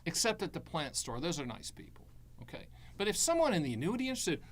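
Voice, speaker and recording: A man hosting a live stream on annuities, giving blunt, sarcastic and animated advice full of jokes. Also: on the high side, brisk.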